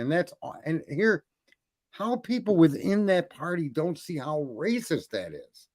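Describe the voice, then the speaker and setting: A man's voice: fairly high pitch, big pitch swings, unhurried. A man co-hosting a casual political chat, rambling, swearing often and restarting his sentences. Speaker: podcast co-host.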